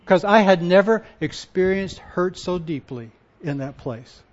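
A male pastor giving a sermon, moving from quiet personal reflection to loud, emphatic repetition. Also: high voice, measured pace. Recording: dull lo-fi sound.

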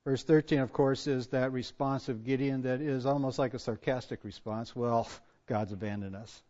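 A pastor preaching a sermon, swinging from hushed asides to loud emphatic points. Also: male voice, mid-range voice, fairly even intonation, normal speed. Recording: dull lo-fi church recording.

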